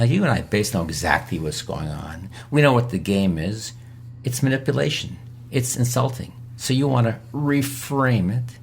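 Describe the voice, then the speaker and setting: A man's voice: fairly low pitch, vocal fry, slight background noise. A man speaking as a guest expert on an emergency medicine podcast, giving emphatic advice on handling difficult patients. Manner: emphatic, acts out patient lines in quotes. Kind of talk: podcast interview teaching.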